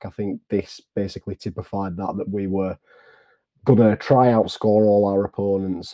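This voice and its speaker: A man talking as a guest on a casual football podcast, losing his voice and clearing his throat. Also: on the low side, dark tone, no echo.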